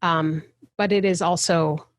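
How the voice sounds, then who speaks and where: Over a video call, a woman guest actor with a fairly low, steady voice rants from her soapbox in a casual interview, passionate and emphatic despite an unhurried pace. The recording is dry.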